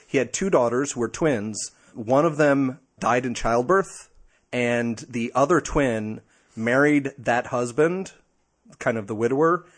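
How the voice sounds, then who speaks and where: A male podcast co-host who talks at an ordinary middle pitch. He rambles through his points with plenty of ums and uhs, joking at his own expense in a relaxed chat. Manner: rambling, self-deprecating, many fillers. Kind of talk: casual chat.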